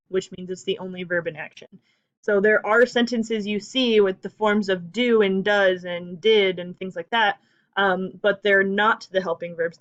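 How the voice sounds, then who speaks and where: Woman teacher, mid-pitched, relaxed lesson-plan walkthrough, slightly muffled audio. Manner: casual and explanatory, with frequent "um" and "kinda". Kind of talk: informal explanatory walkthrough.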